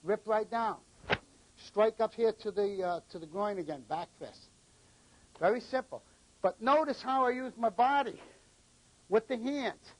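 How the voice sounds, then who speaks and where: A man's voice: sits high, unhurried, long pauses, slight background noise, poor audio. A middle-aged man from New England, a martial arts instructor who gives short commands and counts out the moves during a live demonstration.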